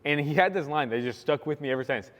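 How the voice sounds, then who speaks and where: A young man giving a sermon, telling a personal story in a lively, animated way, acting out the quotes and saying "like" often. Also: fairly high pitch, fast talker. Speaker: pastor. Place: church sanctuary. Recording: long hall reverb.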